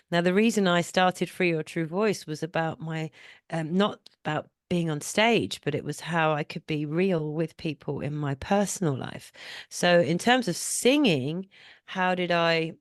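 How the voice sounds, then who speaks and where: A British woman speaks as a guest in a relaxed interview, taking her time over each phrase. Her voice sits on the low side, dry and close, and she laughs easily. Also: dry recording. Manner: laughing easily, gentle and unhurried. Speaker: singer and voice coach, guest. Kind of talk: casual interview chat.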